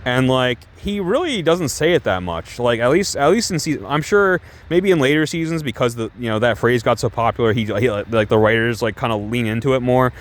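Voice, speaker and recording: A man's voice: medium pitch, expressive, fairly quick, hardly any pauses. A young man casually reviewing TV shows, chatty and rambling with many restarts. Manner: chatty, heavy use of "like" and restarts, laughing asides.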